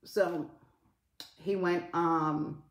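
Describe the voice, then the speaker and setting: Low-voiced woman chatting on a live stream. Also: fairly even intonation, extremely slow, roomy sound. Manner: swears a lot, greets viewers mid-story, swings from loud to quiet. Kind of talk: casual live stream chat.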